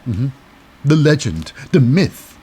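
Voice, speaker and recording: A man's voice: mid-range voice, sing-song, slow, mellow, husky. Rambling, cynical male show host. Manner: rambling, digressive, cynical, lots of fillers. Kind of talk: casual wrestling recap commentary.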